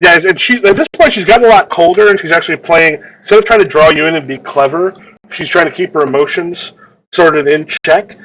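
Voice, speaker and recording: A man's voice: fairly high pitch, a little fast, a bit bright, highs cut off. A man narrating a tabletop role-playing game as game master, often repeating words as he describes the scene.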